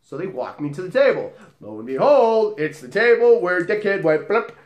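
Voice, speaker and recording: A man's voice: sits high, very animated, moderate pace, reverberant, highs cut off. A man who works as a bar bouncer, telling a story in a profane, dramatic way and acting out the dialogue. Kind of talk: storytelling vlog.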